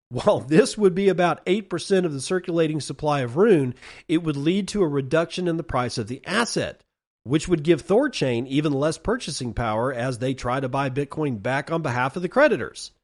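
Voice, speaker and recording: A man's voice: a little high, darkish tone. A middle-aged man hosting a solo commentary podcast, sarcastic and ranting, stretching out words for emphasis. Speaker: podcast host.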